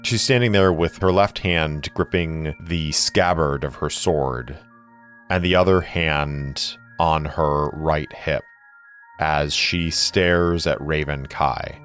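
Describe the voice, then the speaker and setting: A man's voice: very deep voice, slow pace, fairly bright tone, faint music behind. A man narrating a solo tabletop role-playing game like film, describing each camera shot. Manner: cinematic, describing camera shots.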